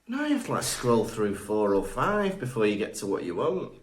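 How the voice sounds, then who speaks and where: A man's voice: on the low side, huge pitch swings, normal speed, echoey room, crowd noise. A man co-hosting a podcast in casual chat, wry and teasing. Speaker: podcast co-host.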